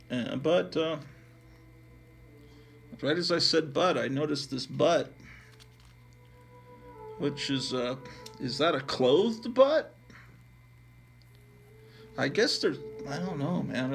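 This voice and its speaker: This comic book collector, who runs his own channel, has a fairly high-pitched, gravelly voice. He shows off his comic collection in a relaxed, wandering way, speaking offhandedly and filling his talk with fillers.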